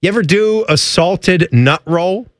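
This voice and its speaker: A man co-hosting a sports radio show, bantering in a jokey, quick way. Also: high voice, dry recording, clean studio sound. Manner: jokey, animated, quick asides. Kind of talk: casual banter.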